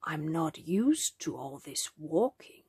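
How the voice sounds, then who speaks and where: A woman voicing a proud, gentle male stone lion in a storybook reading, soft-spoken. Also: low voice, very animated, slow, breathy edge, dry recording, studio quality, voice pushed down, full character voice.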